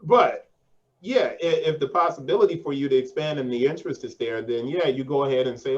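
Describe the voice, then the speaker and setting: A man's voice: mid-range voice, fairly quick. Slangy male host with a lo-fi sound. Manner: slangy and conversational, says 'yo' and 'man'. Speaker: podcast host. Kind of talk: casual interview.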